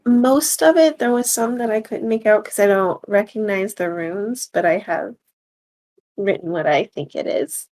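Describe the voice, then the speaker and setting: A woman's voice: medium pitch, normal speed, a little mellow, low-quality recording. A woman playing a tabletop game, speaking hesitantly as she thinks aloud. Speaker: player. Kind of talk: tabletop role-play.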